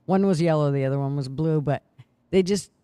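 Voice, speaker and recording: A man with a slightly high yet mellow, smooth voice, telling an easygoing story. The sound is close and dry, with no room echo. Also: fairly quick. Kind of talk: casual chat.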